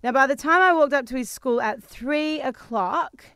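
A woman's voice: high voice, moderate pace, clean tone, dry recording, clean studio sound. An Australian woman in her thirties, telling a story in casual chat as a podcast co-host. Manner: chatty storytelling, animated.

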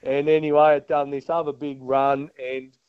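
Yarn-spinning Australian bloke, dull sound. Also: male voice, mid-range voice, level tone, moderate pace, smooth, dry recording. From Tasmania. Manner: broad, yarn-spinning, says mate a lot. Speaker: guest angler. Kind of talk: casual storytelling chat.

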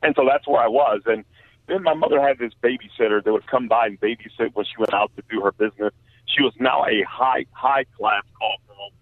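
A man with a gravelly, creaky voice tells his story earnestly and haltingly, with many fillers. He comes through a narrow, tinny phone line with no room sound. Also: mid-range voice, dry recording. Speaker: guest author. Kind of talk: personal testimony in a radio interview.

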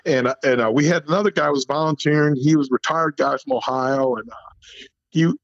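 A man's voice: fairly high pitch, fairly quick, dry recording. A man in his fifties, a former football coach, telling stories as a guest, laughing often and acting out what people said. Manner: animated storyteller, laughs often, acts out quotes. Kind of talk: casual storytelling interview. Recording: dull lo-fi phone-call audio.

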